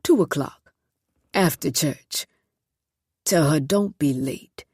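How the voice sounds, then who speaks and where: A woman voicing a smug, menacing male reformatory superintendent who talks slowly with mocking politeness in a lowered voice. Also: a little mellow, breathy edge, no echo, studio quality, full character voice.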